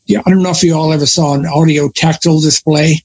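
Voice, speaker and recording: An older man with a somewhat raised pitch talks through his past in a relaxed, meandering way. He keeps backtracking to fix dates and details. A faint hiss of noise sits under the recording. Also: fast, poor audio. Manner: rambling storyteller, self-correcting. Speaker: guest. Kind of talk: casual conversation.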